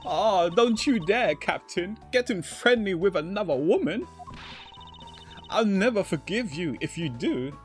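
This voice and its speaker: A jealous young flight attendant from a video game scolds in a high, pinched voice, put on by a man. She sounds possessive and quick to take offense. Faint game music plays underneath. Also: lively intonation.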